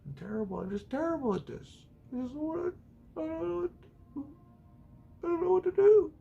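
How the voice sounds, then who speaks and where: A man voicing a distraught young person who stammers helplessly in a put-on falsetto. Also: moderate pace, creaky, narrow, tinny audio. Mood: panicked.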